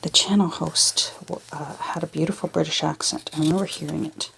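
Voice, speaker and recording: A woman's voice: deep voice, steady tone, fairly quick, vocal fry, a bit bright, a little hiss or hum. A Canadian woman chatting casually as she works on a craft project in her home studio, rambling and wandering off on tangents. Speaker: junk journal crafter. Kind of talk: casual chat while crafting.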